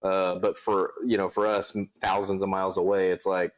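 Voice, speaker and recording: Laid-back male co-host, lowish voice, agreeable, casual. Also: little pitch movement, moderate pace. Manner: laid-back, agreeable, chimes in with short replies. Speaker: livestream co-host. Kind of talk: casual chat.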